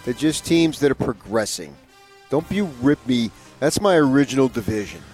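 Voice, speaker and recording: A male radio co-host who jokes and tells tall stories with a lot of swing in his pitch. His voice sits in the middle range, and faint music plays under it. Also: animated, normal speed, a little mellow. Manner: joking, boastful, storytelling. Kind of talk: morning sports radio banter.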